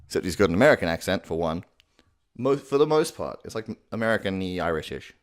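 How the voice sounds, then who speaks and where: A man's voice: sits low, sing-song, fast talker. A man giving a crude, rambling, self-mocking voice-impression tutorial at home. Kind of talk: casual tutorial. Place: home room at night.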